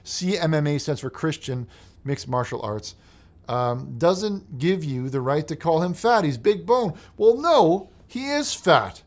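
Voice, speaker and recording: A man with a fairly high speaking voice hosts a comedic mock-preacher call-in show. He reads viewer messages in a low mumble, then bursts into loud, exasperated rants. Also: sing-song, a little slow. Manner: swings from mumbled reading to loud exasperated ranting.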